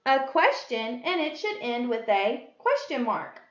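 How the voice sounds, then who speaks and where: A woman's voice: on the high side, very animated. Sing-song woman teaching first grade. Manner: deliberate, sing-song reading of example sentences. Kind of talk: slow, clear classroom instruction. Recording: echoey room, dull lo-fi sound.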